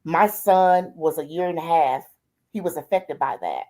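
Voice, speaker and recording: Older woman, grandmother, low-ish voice, heartfelt, plainspoken, live stream interview. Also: expressive, moderate pace, mellow. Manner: heartfelt, repeats "I said" and "she said", colloquial Southern-style grammar. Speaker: guest. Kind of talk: telling her life story.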